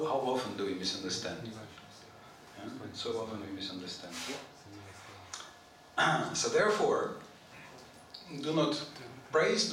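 A man lecturing on scripture in a very echoey temple hall, standing off from the mic with a faint hiss behind him. His pitch is slightly raised and jumps around a lot as he talks in a chatty, animated way. He often clears his throat and keeps asking his listeners questions. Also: recorded from a distance. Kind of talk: informal scripture lecture to a live group.

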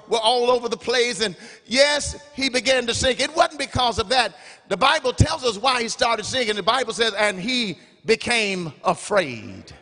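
A middle-aged man preaching a revival sermon in a church, rising to shouted, half-sung climaxes. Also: very high voice. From United States. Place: large church sanctuary. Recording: church hall reverb.

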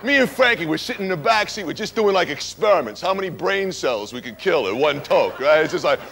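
A man's voice: a little high, animated, brisk, a bit bright. A man playing a brash, tough-talking young hitchhiker telling a wild story on stage, forever asking "right?". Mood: rowdy. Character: wild young male hitchhiker spinning a stoner tale. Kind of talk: stage monologue character.

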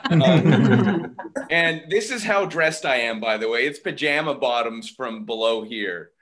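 A man's voice: mid-range voice, lively intonation, measured pace, noisy background. A man doing a self-deprecating, rambling stand-up set from his home over a video call, with chatty asides. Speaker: stand-up comedian.

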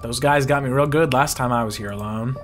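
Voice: mid-range voice, brisk, faint music behind, lightly acted. A game reader voicing a fearless woman ghost hunter who talks in a breezy, teasing way. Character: upbeat woman ghost-hunting streamer, fearless.

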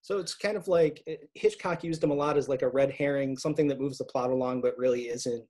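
A man's voice: medium pitch, fast, darkish tone, rough recording. A man with an upstate New York accent moderating a casual live Q&A over a video call, reading out viewer questions and laughing often. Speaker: festival Q&A moderator.

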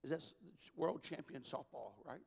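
A man preaching a folksy, emphatic sermon that builds to shouts in a large church. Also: a little high, normal speed, gravelly, slightly rough, long reverb tail. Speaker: pastor.

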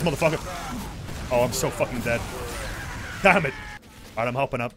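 A young man giving live, excitable commentary on his own gameplay as a streamer, swearing and yelling at the screen. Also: medium pitch, brisk, pauses often, a little hiss or hum. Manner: excitable, swears a lot, yells at the game.

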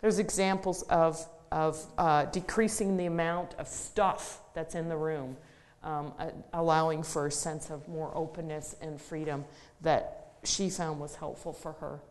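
A woman's voice: low-pitched, steady tone, measured pace, a little mellow, long reverb tail. A middle-aged woman, an occupational therapist, giving a conversational public talk. She tells a practical case story in plain words, with some fillers and restarts.

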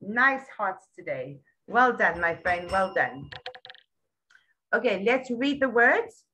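A woman tutoring a young child one-on-one, patient and full of praise, repeating words slowly. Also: medium pitch, sing-song, bright, forceful tone, slight background noise, rough recording. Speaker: English tutor.

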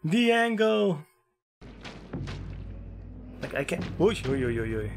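A man giving let's play commentary on a horror game, excitable and yelping whenever something startles him. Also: quick pace, a little hiss or hum. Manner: excitable, yelps and jumps high when scared. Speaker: gaming YouTuber. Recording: game music playing behind.

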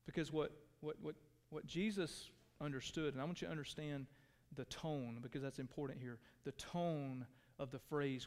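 A pastor preaching a sermon to his church, earnest, dropping to hushed tones and rising to pleading. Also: a little high, steady tone, normal speed, hardly any pauses. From Texas. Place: church sanctuary. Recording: long hall reverb.

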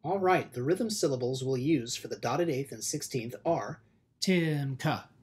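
A man teaching music theory in a scripted video lesson, explaining clearly and steadily and chanting rhythm syllables. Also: medium pitch, animated, unhurried, darkish tone. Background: music playing.

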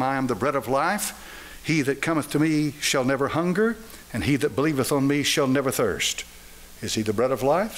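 A man preaching a sermon to a congregation, folksy and emphatic, with loud emphatic peaks. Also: mid-range voice. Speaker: pastor.

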